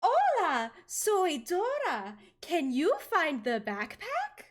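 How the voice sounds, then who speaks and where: A woman voicing a cheerful young cartoon girl explorer in a bright, exaggerated, slowly sounded-out way. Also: extremely high pitch, wildly swooping pitch, pitched above the performer's own voice, heavily acted. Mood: cheery.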